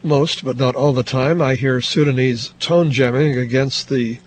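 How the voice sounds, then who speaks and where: A man hosting a shortwave radio news program, reading frequencies, schedules and listener reports in a measured, scripted delivery. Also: mid-range voice, steady tone.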